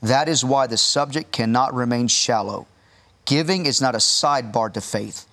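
A man co-hosting a Christian talk show, making earnest, measured statements about giving and faith. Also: mid-range voice, bright, forceful tone. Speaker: co-host, teacher on giving. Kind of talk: preaching in conversation.

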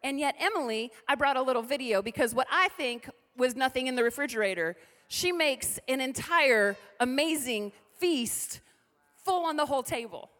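A middle-aged woman pastor preaching a lively sermon with call-and-response to the congregation. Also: high voice, moderate pace. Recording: reverberant hall.

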